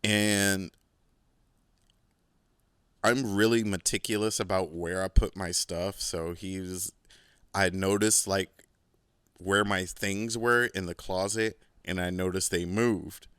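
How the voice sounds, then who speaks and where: A man's voice: low-pitched, steady tone, slow, pauses often, a bit bright, smooth, dry recording, studio quality. A man hosting his own podcast, telling a long story in a rambling, profane way with lots of "like" fillers and boastful asides. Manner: rambling and profane, heavy use of "like"; laid-back, boastful asides. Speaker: podcast host. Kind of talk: casual storytelling monologue.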